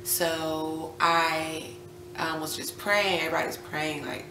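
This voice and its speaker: A young new mother vlogs casually in a low voice at a measured pace, with music underneath. She tells a personal story with animation, acting out what people said and sometimes dropping almost to a whisper. The room is echoey with faint ambience.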